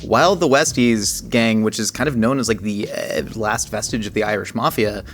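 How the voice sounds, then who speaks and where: A man's voice: fairly low pitch, normal speed, a little hiss or hum. A man hosting a casual interview over a meal, playfully prompting his guest with researched questions. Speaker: host.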